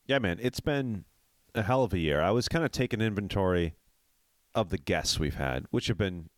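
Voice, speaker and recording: A man's voice: low-pitched, expressive, moderate pace, no echo. A man co-hosting a podcast in casual chat, sounding stuffy and nasal from a cold, talking candidly and with enthusiasm. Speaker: podcast co-host.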